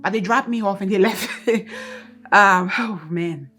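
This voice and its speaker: A woman's voice: mid-range voice, a little slow, bright, forceful tone, faint music behind. A woman from Ghana, tearfully sharing an earnest, emotional personal testimony as co-host of a Christian couple's channel. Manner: earnest and emotional, reliving events in detail.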